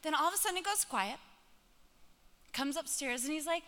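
A woman in her thirties preaching a sermon, telling a family story and acting out the dialogue in an animated way. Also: high-pitched, a little fast, heavy background noise. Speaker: pastor. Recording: long reverb of a large hall.

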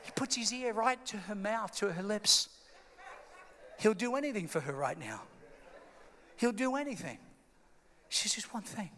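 High-voiced dramatic preacher man. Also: animated, unhurried, pauses often, bright, forceful tone. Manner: dramatic, emphatic, acts out scenes. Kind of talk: sermon storytelling. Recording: long hall reverb.

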